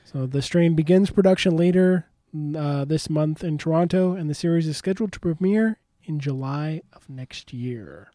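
Male co-host, fairly high, mellow tone, playful, dry close mic. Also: moderate pace, hardly any pauses, dry recording. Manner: upbeat, playful interjections. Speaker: podcast co-host. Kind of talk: casual chat, reading news.

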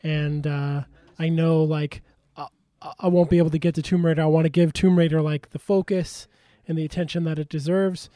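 A man's voice: fairly high pitch, flat delivery, a little fast, warm tone, no echo. A man hosting a casual chat, rambling with lots of fillers and easy chuckles. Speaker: podcast host and game streamer.

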